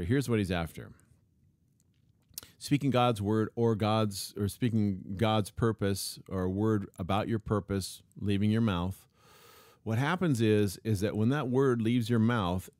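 A man's voice: on the low side, measured pace, a little mellow, no echo, clean studio sound. A man preaching a sermon, emphatic, repeating key phrases and reading scripture aloud. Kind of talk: sermon teaching.

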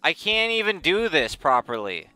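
A man's voice: on the high side, very animated, moderate pace, bright, forceful tone, no echo, soft background music. A young man giving exasperated, sarcastic let's play commentary, muttering at the game as he plays. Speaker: gaming channel host.

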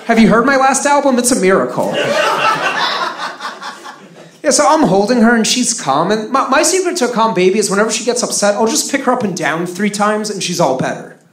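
A man from Russia doing stand-up on a live stage, his dry, sarcastic lines swinging up and down in pitch. The sound is roomy and echoey, with steady crowd noise and clicks from the venue behind him. It is a live comedy recording. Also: a little fast.

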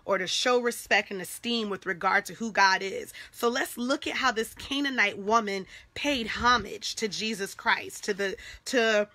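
A woman's voice: mid-range voice, moderate pace, hardly any pauses, bright, forceful tone, no echo. A woman leading a devotional Bible study, conversational and encouraging, often stopping to check in with an "okay?" and restarting her phrases as she thinks aloud.

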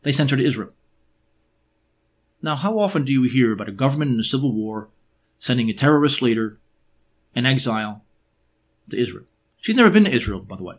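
A man presenting an unscripted history monologue, emphatic and sarcastic, often pausing on uh and um while he builds his points. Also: medium pitch, sing-song. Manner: emphatic, with sarcastic rhetorical questions; frequent hesitations with uh and um.

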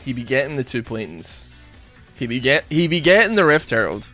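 A young gaming streamer with a mid-range voice rambles through casual, jokey gameplay commentary, poking fun at himself. He talks a little fast in a sing-song, sharp tone over soft background music.

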